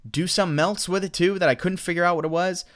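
High-pitched and fairly even in intonation, this podcast co-host talks quickly with a somewhat bright sound. He's from the American South and chats loosely about movies, restarting his sentences often as he rambles.

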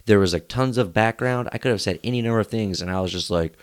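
A man's voice: fairly low pitch, quick pace, clear, resonant tone. A young man hosting a casual podcast, telling a rambling story and laughing often. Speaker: podcast host.

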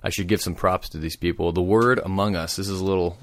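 A man's voice: sits low, steady tone, fast, no room sound. A man co-hosting a casual talk show, telling a story with enthusiasm and frequent laughs. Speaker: podcast co-host.

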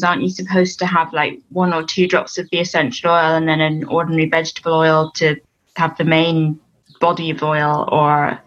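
A woman's voice: low-pitched, a bit bright. Hesitant English woman caller, lo-fi line. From England. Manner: hesitant, halting phrasing. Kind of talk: casual question on a call. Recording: dull lo-fi call audio.

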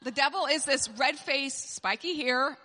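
Bright, lively woman preaching in a hall. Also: high voice, slow. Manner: animated, laughs often while telling stories. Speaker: speaker at a moms' gathering. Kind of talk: storytelling sermon. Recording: long hall reverb.

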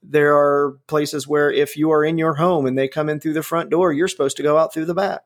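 A man's voice: fairly high pitch, steady tone, fairly quick. A man in his forties giving his opinions in casual talk, blunt and profane, rambling with frequent restarts. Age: 40s.

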